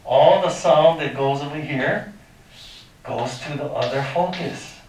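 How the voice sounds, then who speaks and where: A man's voice: on the high side, a little slow, darkish tone, slight background noise. A man teaching a math lesson to a class, talking informally, quizzing his students and making sound effects. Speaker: high school math teacher. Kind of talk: classroom lecture. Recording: echoey classroom from far off.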